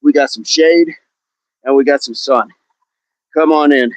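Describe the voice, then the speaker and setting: A man's voice: mid-range voice, a little slow, rough recording. A man hosting a live outdoor workout on a hill, exercising as he talks, counting down reps and greeting chat viewers by name. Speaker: fitness livestream host.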